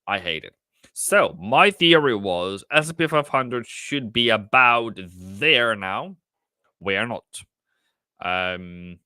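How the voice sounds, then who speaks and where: A man's voice: on the low side, sharp tone, dry recording, clean studio sound. A man working as a trading mentor, giving casual live-stream market commentary in a rambling, self-mocking, jokey way.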